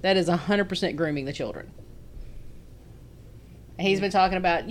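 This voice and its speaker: A middle-aged woman with a Southern accent, hosting a casual family podcast and chatting in an animated way with quick laughs. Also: lowish voice. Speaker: podcast host.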